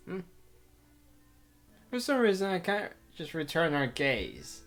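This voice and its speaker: A man's voice: fairly high pitch, wildly swooping pitch, takes it slowly, pauses often, a bit bright, soft background music. A man reading a visual novel aloud with his own commentary, rambling and cutting himself off. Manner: rambling, self-interrupting, laughs often. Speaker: let's player.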